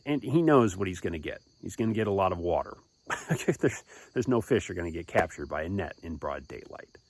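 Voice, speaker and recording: A man narrates a Bible story for children with animated, playful expression. His voice swoops widely from low to high as he builds the scenes. The sound is close and dry, with no room echo.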